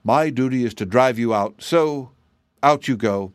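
A man's voice: mid-range voice, a little slow, no room sound, clean studio sound, lightly acted. A man voicing a meek, dutiful gardener in a storybook, explaining things earnestly.

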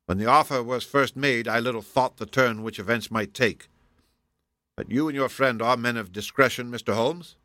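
A man's voice: medium pitch, moderate pace, sharp tone, no echo, clean studio sound, close to an everyday voice. A man voicing a stern, aging male duke in an audiobook, clipped and imperious. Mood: strained. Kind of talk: audiobook character voice.

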